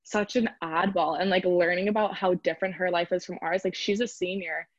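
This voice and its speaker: Chatty young woman, slightly low voice. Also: fairly even intonation, fairly quick, no echo, highs cut off. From Chicago area. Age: young adult. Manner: chatty, lots of "like" fillers. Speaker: interview guest, college rower. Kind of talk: casual interview chat.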